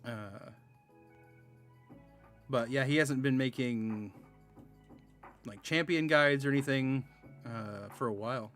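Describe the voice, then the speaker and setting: A man's voice: mid-range voice, takes it slowly, long pauses, a bit bright, soft background music. A man in his thirties chatting casually while streaming a game, rambling, sarcastic and laughing often. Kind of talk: casual live-stream chat.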